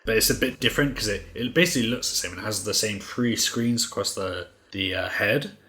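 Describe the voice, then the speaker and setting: A man's voice: on the low side, a little fast, bright, forceful tone. A man co-hosting a podcast, recapping comics in rambling casual chat full of "like" fillers. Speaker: podcast co-host.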